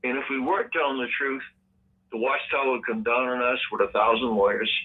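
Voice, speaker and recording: A man's voice: mid-range voice, fairly even intonation, fairly quick. A man co-hosting a call-in show who argues his points emphatically. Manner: emphatic, argumentative. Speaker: co-host. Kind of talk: casual call-in radio talk. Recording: tinny phone line.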